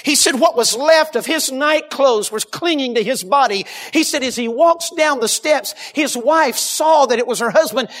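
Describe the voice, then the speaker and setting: A man preaching a sermon, telling a story dramatically and dropping to hushed tones, addressing the congregation directly. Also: extremely high pitch.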